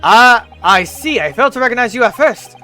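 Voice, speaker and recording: A man's voice: very high voice, animated, a little fast, pushed and bright, soft background music, full character voice. A man voicing a brash, theatrical Victorian detective who speaks in a grand, pompous way.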